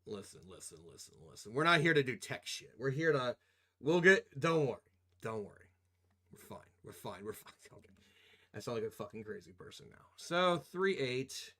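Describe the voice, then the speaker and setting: While editing video on a live stream, a young man talks with his viewers at a moderate pace in an expressive, mid-range voice with a fairly bright tone. His chat is rambling and profane, full of jokes and frequent laughter.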